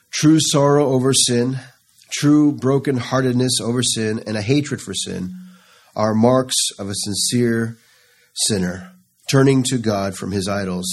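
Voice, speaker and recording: A man's voice: mid-range voice, breathy edge. A man preaching a sermon, reading scripture in an earnest, pleading way.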